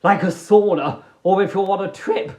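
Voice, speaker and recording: A British man with a high-pitched, darkish voice hosts a live stream from home at a normal pace, answering viewer prompts. He chats playfully and theatrically, hamming it up and drifting into silly voices, singsong asides and humming. It's recorded on a phone in a roomy-sounding space.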